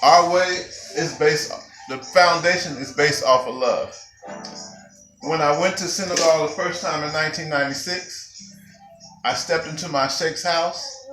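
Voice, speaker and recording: A man teaching a spiritual gathering as a Sufi teacher, with an animated, emphatic, preacher-like delivery. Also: fairly high pitch, measured pace. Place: gathering room with audience. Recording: roomy hall with faint music.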